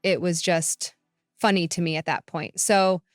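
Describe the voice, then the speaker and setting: Brief: woman story narrator, lowish smooth voice, dry close sound, faint music behind. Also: unhurried, no echo. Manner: even, matter-of-fact storytelling. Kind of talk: scripted first-person story narration. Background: faint background music.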